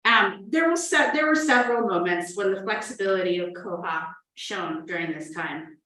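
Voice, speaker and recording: A New Hampshire woman, a librarian, gives an earnest prepared conference talk, telling stories with playful asides. Her mid-range voice is animated and sharp in tone, at a moderate pace. She's recorded from a distance, off the mic, so the sound is roomy and echoey.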